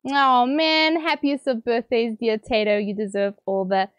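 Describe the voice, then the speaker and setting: A woman's voice: fairly high pitch, steady tone, clear, resonant tone, no echo, muffled recording. Teary, bubbly woman streamer. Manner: emotional, bubbly, quick to laugh. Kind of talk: reading viewer messages on a livestream.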